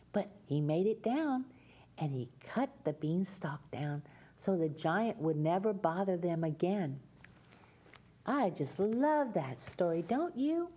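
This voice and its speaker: A woman hosts a children's show, reading a fairy tale aloud and talking straight to young viewers. Her voice is mellow and slightly low, with an unhurried, gentle, sing-song delivery. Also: husky.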